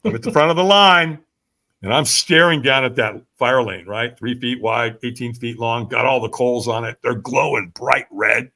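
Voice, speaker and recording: A man's voice: medium pitch, bright, forceful tone. A middle-aged man telling a vivid story as a podcast guest, often checking in with the listener and acting out what others said. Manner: vivid storyteller, frequent "right?" asides, acts out quotes. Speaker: podcast guest, firewalk instructor. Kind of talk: animated storytelling in an interview.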